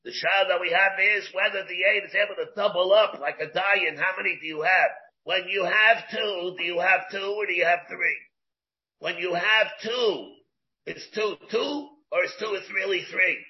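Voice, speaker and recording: Male Talmud teacher, high voice, lo-fi recording, quizzing himself as he lectures. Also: moderate pace. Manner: argues aloud with himself in question and answer.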